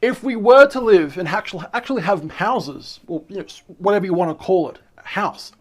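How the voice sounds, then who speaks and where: A high-pitched man reads articles aloud and comments on them as he goes. He is excitable and chatty, and he often stumbles, restarts and repeats words. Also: fairly quick. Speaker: channel host.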